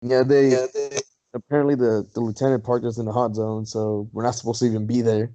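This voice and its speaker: A man's voice: medium pitch, flat delivery, fairly quick, warm tone, dull audio. A man on a podcast telling a long story, rambling and swearing, laughing often. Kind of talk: casual chat.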